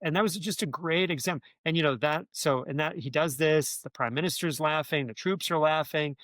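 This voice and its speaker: A man's voice: fairly high pitch, moderate pace, a bit bright, no room sound. A man, a former speechwriter, telling stories in an interview, rambling with many restarts and filler words. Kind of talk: conversational interview storytelling.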